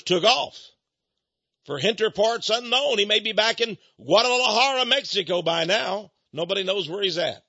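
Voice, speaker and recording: A man hosting a radio talk show, giving indignant opinionated commentary that swings between hushed asides and loud outbursts. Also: high voice, no room sound, dull audio.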